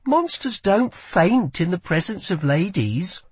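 A man's voice: high voice, wildly swooping pitch, slow pace, breathy edge, dry recording, voice pushed up, exaggerated voice. A man voicing a wary young woman thief in an audiobook, with cool, mocking retorts. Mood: guarded, mocking. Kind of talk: audiobook character voice.

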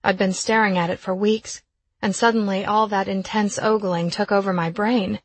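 A woman reading a first-person romance novel aloud in an intimate, breathy way. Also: medium pitch, steady tone, moderate pace. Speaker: audiobook narrator.

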